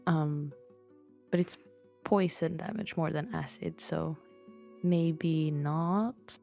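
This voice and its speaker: A woman's voice: deep voice, slow pace, gravelly, warm tone, soft background music. A woman playing a tabletop game, chatting casually and hesitantly. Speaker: player.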